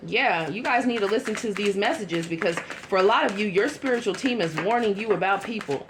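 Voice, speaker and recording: A woman giving a casual tarot reading to her viewers, chatty and blunt, with quick asides. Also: medium pitch, noisy background. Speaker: tarot reader.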